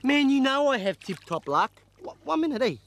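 A cocky Australian castaway, played by a man, boastful and chatty. His voice sits very high for a man, with faint noise behind. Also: sing-song, a little fast, fairly bright tone, exaggerated voice.

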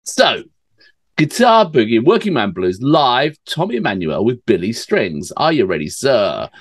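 A man's voice: mid-range voice, very animated, unhurried, breathy edge. A man co-hosting a reaction channel, chatting and laughing along in casual banter.

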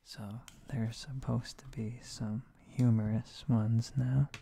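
A man in a whispered role-play as a Spanish teacher, soft and sleepy, slipping in deadpan jokes, hoarse from a sore throat. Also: mid-range voice, slow pace, a little hiss or hum. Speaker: streamer playing a Spanish teacher.

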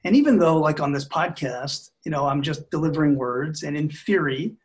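Calm from start to finish, a middle-aged relationship expert responds to podcast interview questions in a measured, thoughtful manner. He's the marriage expert guest, and his pitch sits somewhat high for a man.

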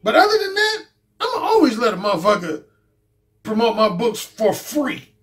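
A man's voice: extremely high pitch, huge pitch swings, moderate pace, a bit bright. A man hosting his own channel, giving a casual, blunt and profane commentary monologue and repeating his points. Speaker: dating coach and YouTube host.

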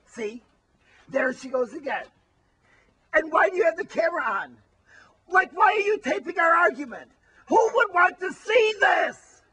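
A man playing a whiny, food-obsessed grown man who complains and shouts, with a husky voice, in an amateur comedy spoof. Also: extremely high pitch, lively intonation, moderate pace, long pauses, heavily acted, low-quality recording. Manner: whining, complaining, often shouting.

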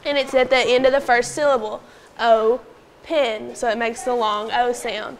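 A woman teaching a phonics lesson to young pupils in a classroom, patiently prompting them and sounding out words slowly. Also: on the high side, fairly even intonation, a little hiss or hum. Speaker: elementary school teacher.

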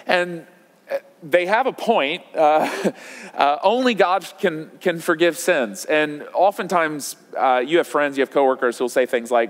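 A man's voice: on the high side, expressive, unhurried. A man in his thirties, a pastor preaching a sermon in a church, talking conversationally with many fillers and restarts. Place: church auditorium. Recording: long hall reverb.

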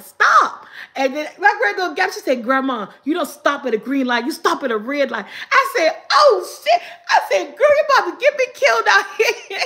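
Reading viewer comments aloud and laughing often, an older woman chats away on her casual live vlog. Her voice is high-pitched, bright and forceful.

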